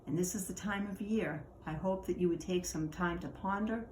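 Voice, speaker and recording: A woman with a lowish voice gives a casual devotional, reading scripture and musing aloud with easy pauses and restarts. She is recorded in an echoey room with a faint hiss behind her. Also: a little mellow. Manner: conversational, halting with fillers and restarts. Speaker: church leader giving a devotional.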